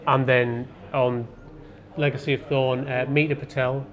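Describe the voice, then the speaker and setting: A man's voice: medium pitch, level tone, a little slow, lo-fi sound, crowd noise. Hesitant man filmmaker. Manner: hesitant, lots of ums. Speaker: independent filmmaker. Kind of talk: casual interview.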